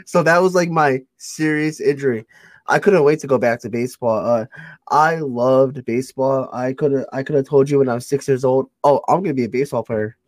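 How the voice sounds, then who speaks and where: A young man chats as an interview host, quick to joke at his own expense and to laugh. His voice sits at an ordinary pitch, recorded close and dry with no room sound. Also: no echo. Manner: joking, self-deprecating, laughs often. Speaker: podcast host. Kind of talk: casual interview chat.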